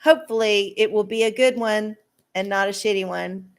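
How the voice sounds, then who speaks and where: A woman's voice: mid-range voice, moderate pace. A woman hosting a live stream of oracle card readings, chatting casually with viewers in a rambling, profane way. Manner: profane, rambling, laughs often. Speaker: livestream host giving oracle card readings.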